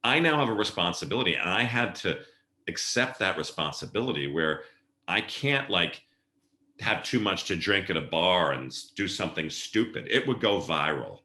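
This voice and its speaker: Middle-aged male guest, low bright voice, lively storyteller, roomy echo. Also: normal speed. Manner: animated storyteller acting out quoted voices. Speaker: podcast guest, event planner. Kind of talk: casual storytelling interview.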